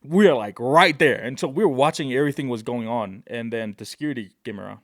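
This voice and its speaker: A man from Tonga, a podcast guest, telling animated stories in a casual, excitable way with frequent "right?" asides. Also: medium pitch, fast talker, no room sound, studio quality. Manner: animated, excitable, peppers speech with "right?" and "bro". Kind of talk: casual storytelling.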